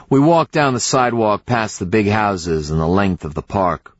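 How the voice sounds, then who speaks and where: A man narrating an audiobook in the first person, with a measured, reflective reading. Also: fairly low pitch, big pitch swings, no room sound. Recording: slightly dull, dry studio recording.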